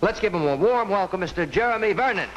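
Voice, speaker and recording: A male host announcing a guest with a lively, slightly high voice. The old TV recording carries loud noise. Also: quick pace. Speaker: TV show host. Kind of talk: introducing a guest. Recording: noisy old TV broadcast.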